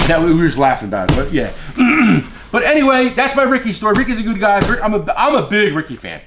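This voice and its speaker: A man's voice: high voice, fairly quick, hardly any pauses, roomy sound, noisy background. A man who works as a tool dealer, telling stories in a casual chat and acting out the voices of the people he quotes. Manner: animated, acts out quoted voices, swears.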